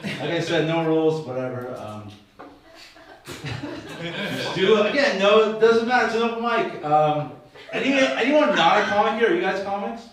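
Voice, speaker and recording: A man's voice: high voice, lively intonation, normal speed, fairly bright tone, slight background noise. A man in his fifties doing rambling, crude, self-mocking stand-up crowd work at an open mic, with a slight slur from dentures. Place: small comedy venue. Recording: echoey room, mic far off.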